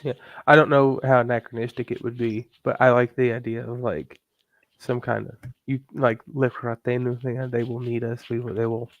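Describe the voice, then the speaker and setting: A man's voice: medium pitch, little pitch movement, moderate pace, no echo, dull audio. A man co-hosting a live Bible-reading discussion, musing tentatively with many "like"s. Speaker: co-host of a study group.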